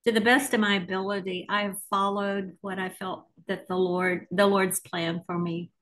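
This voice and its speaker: A woman guest in a casual interview, speaking in an unhurried way with gentle laughter. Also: medium pitch, level tone, low-quality recording. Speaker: podcast guest.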